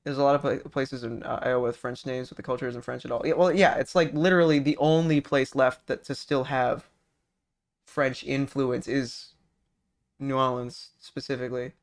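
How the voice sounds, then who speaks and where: This man speaks at medium pitch and a moderate pace, chatting casually with viewers on his stream and reading their messages. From California, he's animated and profane, swearing, rambling, and restarting his sentences frequently.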